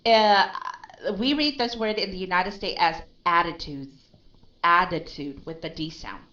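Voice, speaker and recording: A woman's voice: lowish voice, animated, moderate pace, pushed and bright, muffled recording. A woman teaching pronunciation in a live lesson, patiently correcting a learner and often checking in with "okay?" and "right?".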